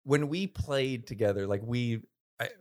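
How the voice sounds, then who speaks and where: A man's voice: medium pitch, unhurried, darkish tone. A man guest telling stories in a casual interview, laughing often, repeating himself and teasing. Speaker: former player, guest.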